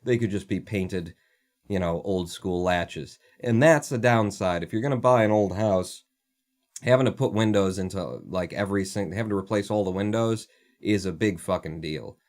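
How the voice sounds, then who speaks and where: A man's voice: low-pitched, moderate pace, darkish tone. A man hosting a casual livestream, ranting sarcastically and swearing freely as he chats. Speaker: livestream host.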